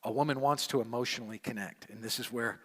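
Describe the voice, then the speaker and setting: A man teaching a men's session in sermon style, emphatic and repetitive, swinging from hushed asides to loud declarations. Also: mid-range voice, fairly even intonation, quick pace, husky. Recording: long hall reverb.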